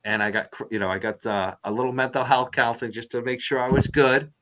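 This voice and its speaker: A man's voice: mid-range voice, fast, fairly bright tone, muffled recording. A man with a Boston accent, a guest on a casual show, who talks bluntly and swears freely. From Massachusetts. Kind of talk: casual interview talk.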